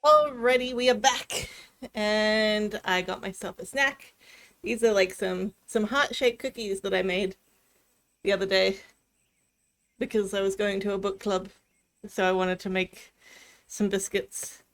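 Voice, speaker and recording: A woman's voice: medium pitch, fairly even intonation, measured pace, long pauses, fairly bright tone. A woman streaming a game, casually chatting and reading the story text aloud. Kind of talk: casual let's-play narration.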